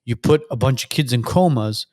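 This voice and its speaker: A man's voice: mid-range voice, fairly quick, darkish tone. A man hosting a podcast who cuts in to press his guest for details. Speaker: podcast host. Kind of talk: interview questions.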